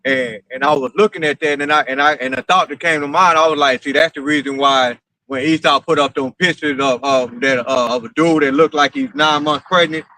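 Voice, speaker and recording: A man's voice: fairly high pitch, fairly even intonation, brisk, pushed and bright, no room sound, poor audio. A man chatting casually, agreeing along and reading scripture aloud. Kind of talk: casual chat.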